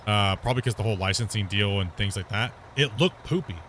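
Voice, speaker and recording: A man's voice: fairly low pitch, quick pace, a bit bright, a little hiss or hum. Rambling man chatting on a game stream. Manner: rambling, laughs often, swears casually. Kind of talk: casual chat during a live gameplay stream.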